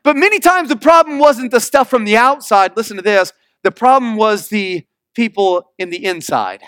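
A male pastor preaching a sermon, emphatic, calling for responses from the congregation and reading scripture slowly. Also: high voice, animated, fairly bright tone, dry recording, studio quality.

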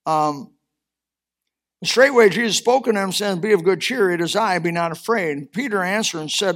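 A man's voice: sits high, normal speed, a bit bright. A man preaching a sermon, swelling and dropping in force as he reads scripture and applies it. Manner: impassioned preaching, rising and falling in force. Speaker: pastor.

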